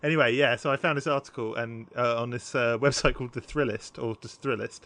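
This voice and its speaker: A man's voice: medium pitch, fairly even intonation, fairly quick, a bit bright, dry recording. A man co-hosting a casual podcast, presenting a story and laughing often as he tells it. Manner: giggly, keeps laughing while telling.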